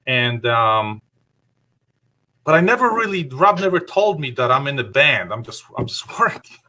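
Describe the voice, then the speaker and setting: A man with a bright, forceful voice tells long stories as a guest on a video call. He rambles through them with plenty of fillers. He quotes what he said back then. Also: medium pitch, sing-song, normal speed. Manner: rambling anecdotes with many fillers; acts out his own past remarks in quotes. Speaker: guest guitarist. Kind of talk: casual interview storytelling.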